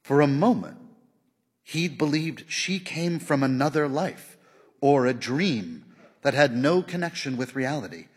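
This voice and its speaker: A man with a slightly husky voice reads a literary novel aloud, with lively ups and downs in pitch. His measured storytelling carries a long reverb tail. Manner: measured storytelling, softening and lifting his voice for the dialogue. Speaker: audiobook narrator. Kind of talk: scripted narration of a literary novel.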